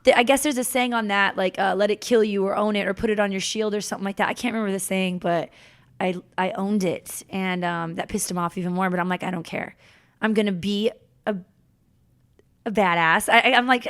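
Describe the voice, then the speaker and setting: A woman's voice: medium pitch, fairly quick. Chatty young woman telling her story. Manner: chatty, animated, cusses, frequent "like" and restarts. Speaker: podcast guest. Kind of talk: casual interview storytelling.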